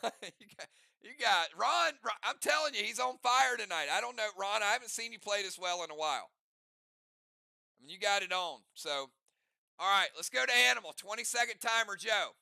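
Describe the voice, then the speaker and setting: A man hosting a live game session, calling out turns and timers while teasing the players with energetic banter. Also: sits high, moderate pace, vocal fry, no echo, clean studio sound.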